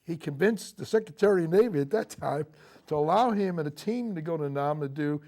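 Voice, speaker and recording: An older man, a Marine veteran, recounting his memories in a TV interview, speaking haltingly with frequent fillers and restarts. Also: on the high side, animated, warm tone. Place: local TV studio.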